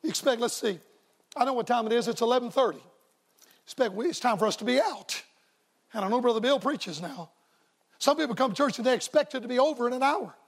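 A man preaching a revival sermon as a staff evangelist, folksy and emphatic, sometimes rising to shouts. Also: very high-pitched, animated, fast talker.

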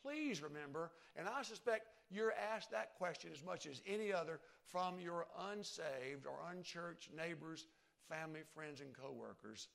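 Gravelly-voiced male preacher. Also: on the high side, lively intonation, moderate pace. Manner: emphatic, swings from soft to loud. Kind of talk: sermon.

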